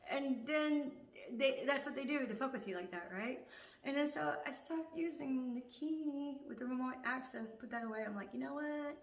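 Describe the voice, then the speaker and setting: A woman's voice: sits high, moderate pace, echoey room. A woman in a casual monologue, laughing often, swearing freely and dropping into whispers.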